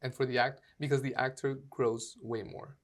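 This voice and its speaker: A man's voice: mid-range voice, moderate pace. Man telling stories in an interview. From Canada. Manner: animated storyteller acting out quoted dialogue, many fillers. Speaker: actor and acting coach, guest. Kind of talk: casual interview storytelling.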